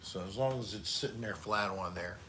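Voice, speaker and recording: A man's voice: fairly low pitch, brisk, heavy background noise. A man hosting a casual livestream chat, joking and trying bad accents when asked. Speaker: host.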